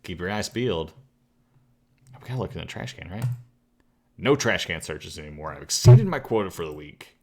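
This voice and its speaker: Male streamer, game commentary, low pitch, gravelly, lively intonation, joking. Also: normal speed, pauses often, slight background noise. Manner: joking, chatty, laughs at himself. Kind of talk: casual gameplay commentary.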